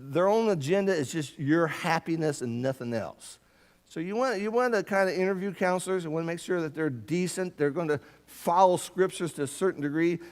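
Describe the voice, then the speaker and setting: A man with a slightly higher than usual voice teaches a church Bible class. He speaks earnestly and with emphasis. He often trips into repeated words as he starts a sentence over.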